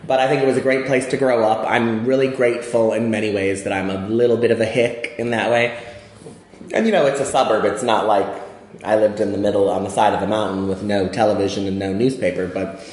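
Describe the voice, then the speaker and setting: A Midwestern man in his forties chats as an interview guest, wry and self-deprecating. His voice is lowish, and the room around him is echoey. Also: steady tone, brisk, a little mellow. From outside Chicago. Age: 40s. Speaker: magazine editor and guest. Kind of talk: casual interview chat.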